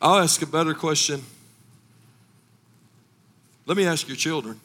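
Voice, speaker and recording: A middle-aged man preaching a sermon as pastor, impassioned, rising into shouted, sung cadences. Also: on the high side, a little slow, a little hiss or hum.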